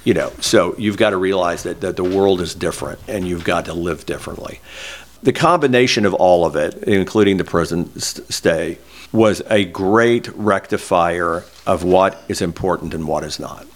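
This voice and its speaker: Deep-voiced older guy w telling his story, choked up at times. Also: normal speed. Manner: emotional, candid, close to tears. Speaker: guest. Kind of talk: personal storytelling in an interview.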